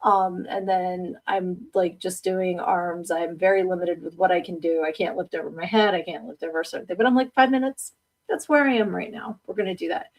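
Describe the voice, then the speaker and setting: A woman's voice: lowish voice, fairly even intonation, a little fast, few pauses, darkish tone. Chatty middle-aged woman, slightly distant mic. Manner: rambling, chatty, laughs often at herself. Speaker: podcast host. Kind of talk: casual livestream chat, reading viewer comments aloud.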